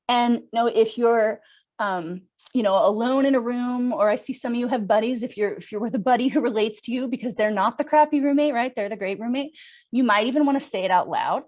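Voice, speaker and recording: A woman's voice: fairly high pitch, fairly quick, darkish tone. A young woman teaching a yoga breathing workshop over a video call, chatty and upbeat, laughing often and acting out an anxious inner voice. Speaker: yoga instructor. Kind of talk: live online workshop talk.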